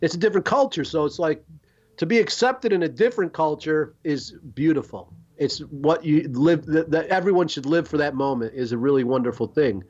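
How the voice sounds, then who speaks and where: A middle-aged man tells long, rambling stories as a podcast host. He swears freely and talks in a fairly high register. The audio is dull and lo-fi. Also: a little fast. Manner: rambling, profane, animated storyteller. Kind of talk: storytelling chat.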